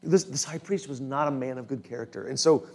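A man's voice: mid-range voice, a little fast, darkish tone. A male pastor preaching a conversational sermon who keeps checking in with his listeners. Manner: informal, often checks in with the listeners.

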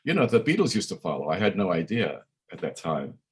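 A man's voice: sits low, sing-song, fairly quick, breathy edge. A man, a musician guest chatting in an interview and rambling with many fillers and restarts. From Brooklyn, New York. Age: 60s. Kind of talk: casual interview chat.

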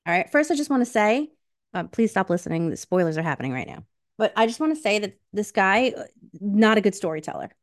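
A woman's voice: medium pitch, animated, quick pace, no room sound, clean studio sound. A woman co-hosting a book podcast, talking in a blunt, emphatic and slangy casual way. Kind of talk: casual chat.

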